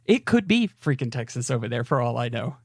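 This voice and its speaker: Co-hosting a podcast, a man from the United States chats casually in a rambling, hedging, self-deprecating way. His mid-range voice swings widely in pitch at a brisk pace, and the studio sound is clean with no echo.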